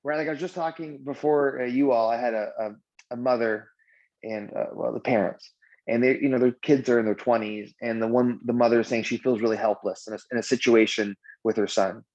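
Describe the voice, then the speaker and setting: A wellness coach with a brisk, medium-pitched voice leads a breathing practice, then talks loosely with lots of fillers, animatedly acting out people in his stories. The video call audio is dull and lo-fi.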